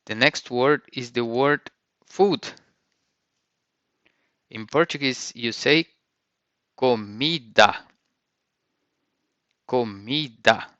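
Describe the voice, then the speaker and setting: Slow, bright-voiced male language teacher. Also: mid-range voice, clear, resonant tone, no echo, highs cut off. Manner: says each word and repeats it, careful pronunciation. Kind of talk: vocabulary lesson.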